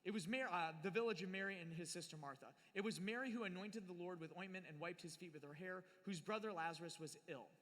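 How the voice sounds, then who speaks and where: This man speaks fast in a high-pitched, fairly bright voice with few pauses. As a youth speaker he delivers a playful live sermon on scripture, acting out its characters, and the large hall adds long reverb.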